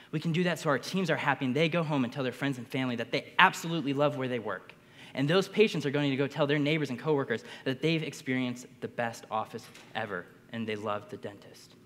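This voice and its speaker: A young man telling a keynote story to a crowd, his voice surging with excitement. The sound rings with long reverb from a large hall. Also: mid-range voice. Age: young adult. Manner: energetic, builds to bursts of excitement. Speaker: conference speaker.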